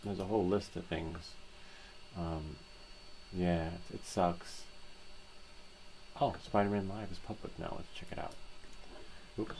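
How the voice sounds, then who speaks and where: Gravelly, slow-talking man streaming live. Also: low-pitched, fairly even intonation, darkish tone, slight background noise, rough recording. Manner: rambling, chatty, laughs easily. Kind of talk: casual live-stream chat.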